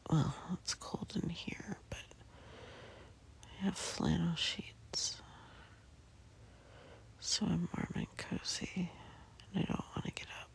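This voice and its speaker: Sleepy, breathy whisper, very slow. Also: mid-range voice, steady tone, low-quality recording. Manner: soft hushed whisper with hesitant fillers. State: sleepy, just woken. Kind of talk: whispered casual monologue. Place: in bed, indoors.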